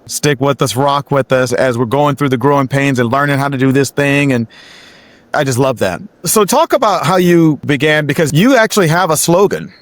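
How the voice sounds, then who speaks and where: A man's voice: medium pitch, expressive, normal speed, no room sound. A man hosting an interview who asks easygoing, encouraging questions in a casual way. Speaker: podcast host.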